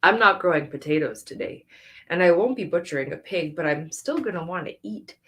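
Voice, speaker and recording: A woman's voice: on the low side, lively intonation, brisk, a bit bright. A woman reading her own story aloud at a live event, earnest and conversational, with laughing asides.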